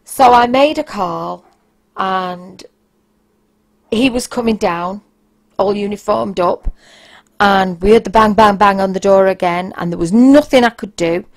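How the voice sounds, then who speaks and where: A woman's voice: mid-range voice, unhurried, pauses often. Blunt woman telling frank stories. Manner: frank, blunt, with bursts of raised emphasis. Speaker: podcast host. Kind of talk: casual anecdotal storytelling.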